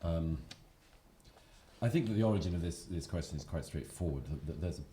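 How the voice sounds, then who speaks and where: A man's voice: low voice, brisk, dark tone, a little hiss or hum. A man giving wry, articulate, polemical remarks as a speaker on a debate panel.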